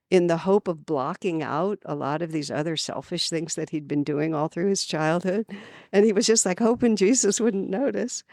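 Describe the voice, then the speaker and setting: A woman from California giving an earnest spiritual talk at a retreat, telling stories with lively emphasis. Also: on the low side, no room sound, studio quality. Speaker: spiritual teacher. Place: retreat gathering.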